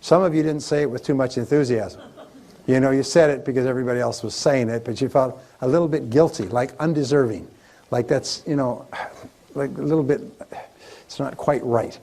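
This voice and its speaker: Man giving a lively seminar talk. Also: medium pitch, a little fast. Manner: repetitive, building emphasis with lists and chants. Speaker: motivational speaker.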